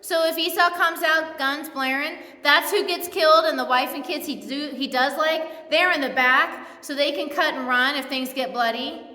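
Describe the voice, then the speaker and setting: Bright-voiced woman pastor in an echoing hall. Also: sits high, normal speed, hardly any pauses. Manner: casual, humorous storytelling. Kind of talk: sermon. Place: church sanctuary. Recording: echoey church hall.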